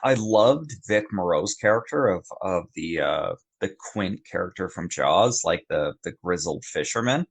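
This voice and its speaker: A man's voice: sits low, lively intonation, moderate pace, gravelly, hardly any pauses. A man co-hosting a podcast, talking through a film in chatty, casual analysis. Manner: chatty, many fillers and restarts. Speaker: podcast co-host. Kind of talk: casual film review chat.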